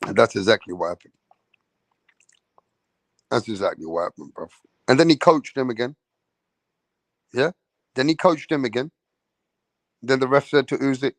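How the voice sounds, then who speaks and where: A man with an English accent giving a profane, comedic rant as a boxing commentator, animated and full of swearing and mocking impressions. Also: on the high side, normal speed, pauses often, dry recording.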